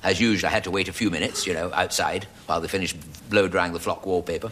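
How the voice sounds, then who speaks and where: A man telling a rambling comic story on stage in a dry, deadpan way. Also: deep voice, brisk, very noisy. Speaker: comedian. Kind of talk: stage monologue before a live audience.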